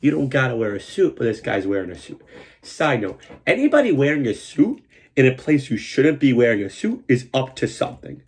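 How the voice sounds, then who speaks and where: A man telling a comic story about an old job, swearing a lot and acting out what people said in a raised, excited voice. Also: a little fast, slightly rough. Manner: animated, swears a lot, acts out quotes in a higher voice. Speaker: comedian host telling a story. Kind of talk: profane comedic storytelling.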